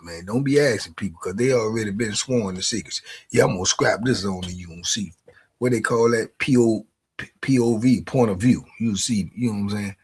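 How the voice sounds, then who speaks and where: A man's voice: on the low side, breathy edge. A man hosting a live stream in casual chat. He laughs often and keeps asking "you dig?". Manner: laid-back slang talk, laughs often, asks "you dig?".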